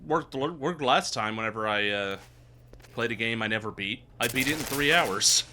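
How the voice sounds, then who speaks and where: A man's voice: mid-range voice, lively intonation, normal speed, noisy background. A man streaming a video game live, chatting casually and laughing often as he plays. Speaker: VTuber streamer. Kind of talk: casual gameplay commentary.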